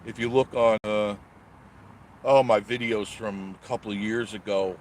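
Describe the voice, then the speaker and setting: His voice is fairly low and a little mellow, with fairly even intonation and a normal pace, and slight background noise. He's a vlogger on the road in his car, casually chatting with viewers and reading their comments in a rambling, joking way.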